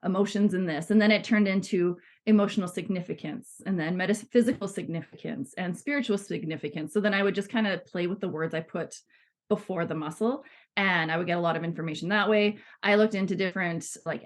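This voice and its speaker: Woman in her thirties, podcast guest, lowish voice, chatty and laughs easily, lots of fillers. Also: fairly quick. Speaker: guest, body psychotherapy student. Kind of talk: casual podcast conversation.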